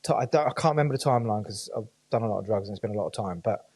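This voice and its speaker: A man, a podcast guest in casual chat, telling his own story in an animated way and swearing often. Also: fairly low pitch, racing, breathy edge.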